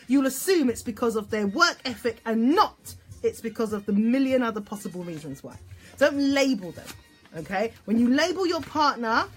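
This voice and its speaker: A woman relationship therapist giving an instructional talk, animated, checking in often with "okay?" and acting out example phrases. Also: fairly high pitch, husky. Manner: acts out example phrases in voices.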